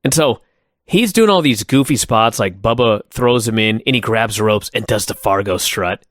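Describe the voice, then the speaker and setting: A man's voice: on the low side, normal speed, fairly bright tone, no echo, studio quality. A middle-aged man co-hosting a wrestling podcast, talking with emphatic enthusiasm. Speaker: podcast co-host. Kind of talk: casual wrestling review chat.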